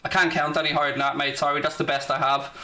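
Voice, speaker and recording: A man's voice: fairly high pitch, level tone, fast talker, sharp tone. A man from South Dublin with a Dublin Irish accent, chatting casually and sarcastically as a football watchalong streamer, swearing freely in brash banter. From Ireland (South Dublin). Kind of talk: casual live-stream chat.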